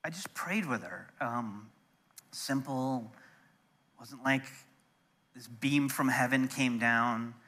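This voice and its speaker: Bright-voiced preacher telling a story. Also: male voice, mid-range voice, slow, long pauses. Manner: animated, drops soft and quiet when moved. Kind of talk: storytelling sermon.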